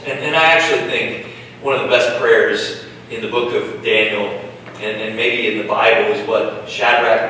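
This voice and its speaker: A man preaching a sermon, in a measured style that builds in intensity when he reads scripture aloud. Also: on the low side, bright, forceful tone, a little hiss or hum. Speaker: pastor. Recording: echoey hall from a distance.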